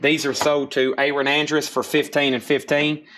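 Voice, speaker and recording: A man hosting a live-streamed vinyl record sale, briskly rattling off album titles, starting bids and who bought what. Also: fairly high pitch, flat delivery, fairly bright tone, slight background noise. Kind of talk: live-stream auction patter.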